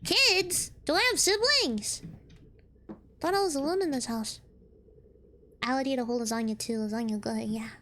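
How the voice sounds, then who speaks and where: A woman's voice: sits high, animated, moderate pace, long pauses, bright, forceful tone, a little hiss or hum. A woman streaming a horror game, chatty and jumpy, laughing nervously when scared. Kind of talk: horror game let's play.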